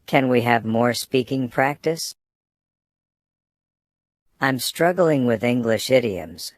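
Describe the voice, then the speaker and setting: Reading phrases aloud for students, a man speaks slowly in an animated, medium-pitched voice. The scripted learner recording is dry and close, without any room sound.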